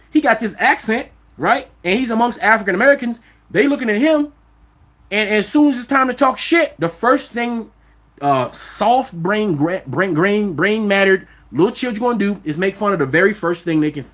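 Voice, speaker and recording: An outspoken man hosts a livestream and riffs loosely and bluntly, with plenty of swearing. He keeps turning to his viewers with rhetorical questions and builds his points with heat. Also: high-pitched. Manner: animated, profane, rhetorical questions. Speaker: vlog host. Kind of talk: livestream commentary.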